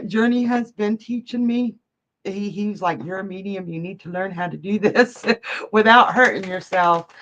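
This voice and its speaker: On a live stream, a woman gives psychic and tarot readings, getting emotional and laughing often as she reads viewers' messages aloud. Her voice is medium-pitched and fairly bright, and the sound is lo-fi.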